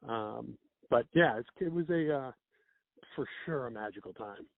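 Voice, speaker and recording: A man's voice: mid-range voice, animated, moderate pace, vocal fry, no echo. A man, a comedian guest, telling rambling stories in a casual chat with laughs and acted-out quotes. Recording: phone-like narrow band.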